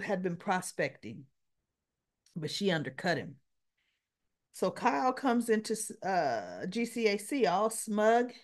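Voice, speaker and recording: Unhurried woman in a chatty recap vlog, with offhand asides, recorded on a camera mic. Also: mid-range voice. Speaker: soap opera recap vlogger. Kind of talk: casual recap chat.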